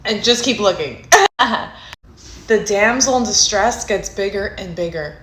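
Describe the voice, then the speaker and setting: A woman's voice: medium pitch, a little slow, a bit bright, roomy sound. Sassy woman giving dating advice. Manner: sassy, instructive, ends points with "okay?". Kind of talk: casual advice talk to camera.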